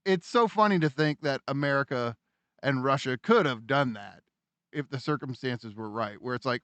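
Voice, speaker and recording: A man co-hosting a podcast in casual conversation, swearing freely, who theorizes and acts out quoted lines in loud bursts. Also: medium pitch, moderate pace, no echo. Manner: animated storyteller, acts out quoted lines in shouts; profane, theorizing. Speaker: podcast co-host.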